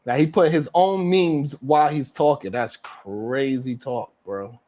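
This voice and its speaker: A man's voice: mid-range voice, measured pace, mellow. A man from New York hosting a live stream talk show, chatting casually with loose banter and frequent cursing. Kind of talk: casual reaction chat.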